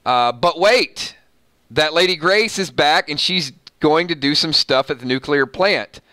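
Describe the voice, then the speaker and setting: A man's voice: fairly high pitch, a little slow, pushed and bright, no echo. A man hosting a casual TV recap, reading from an article with sarcastic asides and frequent laughter. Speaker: show recap host.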